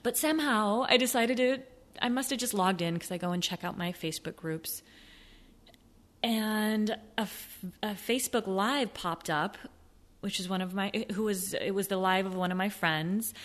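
A woman hosting a motivational sales podcast, animated, acting out excuses in a high mocking voice and sometimes dropping to a soft near-whisper. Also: moderate pace. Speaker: podcast host, sales coach. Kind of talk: motivational solo podcast talk.

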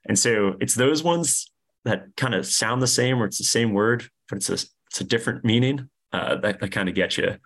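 A man's voice: normal speed, fairly bright tone. A young man with a New York accent, chatting as a podcast guest with lots of fillers and restarts. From New York, USA. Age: young adult. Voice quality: deep. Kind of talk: casual interview chat.

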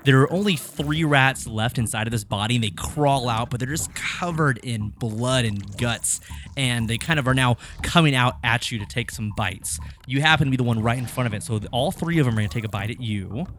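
Bright-voiced male game master. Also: medium pitch, a little fast, a little hiss or hum. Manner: casual, laughing, swears freely. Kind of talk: narrating a tabletop game.

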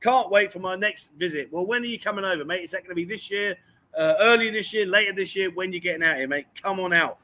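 A man with a high, bright voice hosts a casual livestream from a bookshop. He reads viewer messages aloud, teases his friends and talks in a quick, jokey, exclaiming way. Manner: jokey, teasing, often says "unbelievable". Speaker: livestream host. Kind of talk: casual banter, reading viewer comments. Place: indoors in a bookshop.

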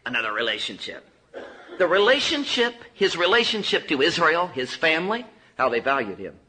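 A man preaching a sermon with passion, swinging from loud cries to hushed low lines. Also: very animated, normal speed, poor audio.

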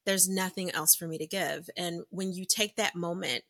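A woman hosting an interview podcast, warmly affirming her guest with frequent agreement. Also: on the low side, steady tone, normal speed. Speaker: podcast host.

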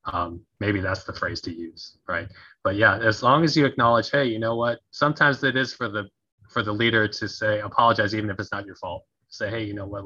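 Male podcast guest, bright tense voice, slightly low, lo-fi sound, animated delivery. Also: slightly rough. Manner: animated, laughs often, acts out sample phrases. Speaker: guest, conflict resolution coach. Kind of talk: casual podcast interview. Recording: dull lo-fi audio.

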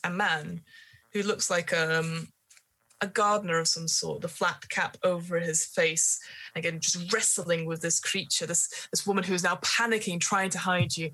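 A woman's voice: on the low side, steady tone, normal speed, pushed and bright, poor audio. A woman running a tabletop role-playing game, describing scenes in a hesitant way full of fillers. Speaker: game master.

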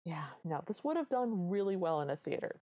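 A woman co-hosting a podcast, chatting about a film with wry, animated asides. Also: lowish voice, a little fast, dull audio. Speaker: podcast co-host. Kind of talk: casual recap chat.

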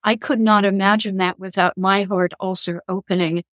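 A woman speaks in an earnest, reflective way as she recounts spiritual experiences for a podcast interview. Her voice sits at a middling pitch and is recorded close and dry, with no room around it. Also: steady tone, moderate pace, a bit bright, no echo. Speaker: guest, author and columnist. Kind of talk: podcast interview, personal storytelling.

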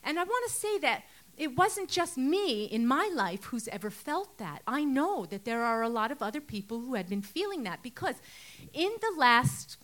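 A woman's voice: high voice, very animated, normal speed, fairly bright tone. A woman preaching a sermon in an earnest, conversational way, often asking rhetorical questions.

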